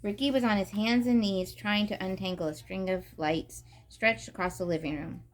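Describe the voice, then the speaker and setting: Woman reader, expressive children's book narration. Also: mid-range voice, normal speed. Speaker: storybook reader. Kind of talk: reading a children's book aloud.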